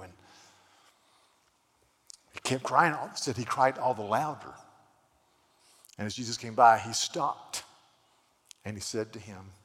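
A man's voice: on the low side, measured pace, long pauses, a bit bright. A man preaching a sermon, retelling scripture stories with many stammered restarts and quoted voices. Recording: long hall reverb.

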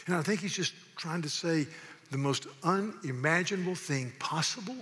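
A man's voice: on the high side, normal speed, pushed and bright. A man from the South, preaching a sermon in a church in an emphatic, folksy way and repeating words as he presses a point. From American South. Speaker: pastor. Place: church sanctuary. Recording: long reverb of a church hall.

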